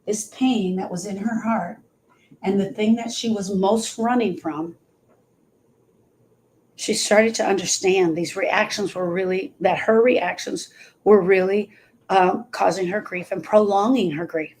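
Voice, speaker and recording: A woman's voice: medium pitch, steady tone, measured pace, a little mellow, slightly rough. A woman talking earnestly as a grief coach on a live stream, repeating phrases for emphasis.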